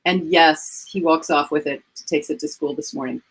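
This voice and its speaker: A woman in her fifties, a guest coach, chatting casually at home over a video call and telling animated stories. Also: deep voice, moderate pace, breathy edge. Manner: animated, acts out quoted voices. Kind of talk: casual storytelling chat.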